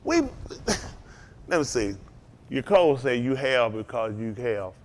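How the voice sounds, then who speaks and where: A man preaching a sermon, animated and working with call and response, climbing to loud, high peaks. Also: slow.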